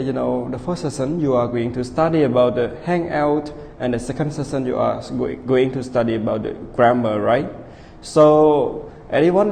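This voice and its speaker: A man teaching an online English class, spelling words out letter by letter, repeating them slowly, calling himself "teacher" and constantly checking in with his students. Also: mid-range voice, gravelly, a little mellow. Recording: reverberant room with faint background hiss.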